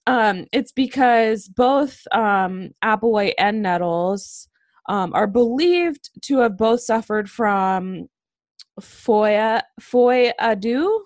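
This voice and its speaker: A woman co-hosting a casual podcast, telling a story with many pauses, ums and restarts. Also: medium pitch, dry recording. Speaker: podcast co-host telling a true-crime story.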